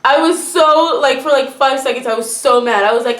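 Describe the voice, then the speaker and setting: A young American woman from Florida chatting with her roommates, telling a story with lively, shrieking acted-out quotes. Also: high-pitched, fairly quick, roomy sound. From Florida, USA. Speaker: vlogger. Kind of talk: casual chat, mukbang.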